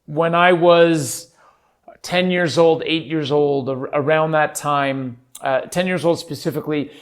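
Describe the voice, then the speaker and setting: A man's voice: a little high, fairly even intonation, a little slow, clean tone. A man in his thirties from Canada, hosting a casual solo podcast in a rambling, self-deprecating way. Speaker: podcast host.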